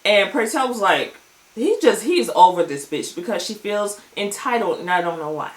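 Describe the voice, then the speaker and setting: A woman recapping a TV episode in a casual vlog, with animated, profane storytelling. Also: medium pitch, normal speed, roomy sound. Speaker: TV show reviewer.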